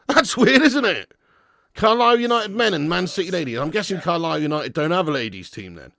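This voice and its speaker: Brash, bright-voiced English football fan. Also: male voice, sits high, expressive, brisk, vocal fry, dry recording, studio quality. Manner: banter-heavy, shouts in mock outrage, reads out super chats. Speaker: football fan channel host. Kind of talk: live match watch-along chat.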